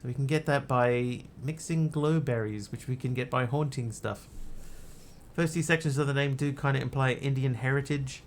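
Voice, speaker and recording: A man's voice: mid-range voice, moderate pace. A man streaming a video game live, chatting casually and thinking aloud in muttered asides. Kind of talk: casual live gameplay commentary.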